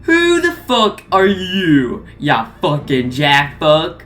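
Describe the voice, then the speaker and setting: A woman's voice: a little high, animated, unhurried, fairly bright tone, faint music behind, pitched above the performer's own voice. A woman voicing a crude, brash male moon-headed burger mascot who trash-talks and screams profanities. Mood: taunting shouts.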